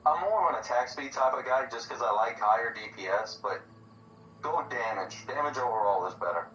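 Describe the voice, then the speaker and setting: A man's voice: mid-range voice, animated, brisk, pushed and bright, distant mic. A man talks over a video game in casual chat, venting and ranting with plenty of animation. He sits well back from the mic in a roomy space, and a faint noise hums behind him. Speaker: gaming channel co-host. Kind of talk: casual let's-play chat.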